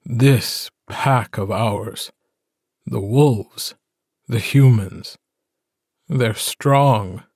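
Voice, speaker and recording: A man voicing a gentle, steady male werewolf alpha in an audiobook, speaking calmly and tenderly. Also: breathy edge, no room sound, clean studio sound, full character voice. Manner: calm, tender, low and measured.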